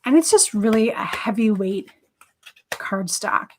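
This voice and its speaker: A woman's voice: medium pitch, lively intonation, unhurried, a little hiss or hum. A woman hosting a live craft stream, chatting casually and enthusiastically as she demonstrates, rambling with many fillers. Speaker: craft livestream host.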